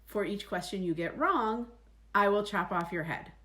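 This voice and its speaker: Smug cruel storybook king, slow and teasing, as a woman storyteller plays him. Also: mid-range voice, fairly bright tone, lightly acted. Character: smug cruel king who toys with people.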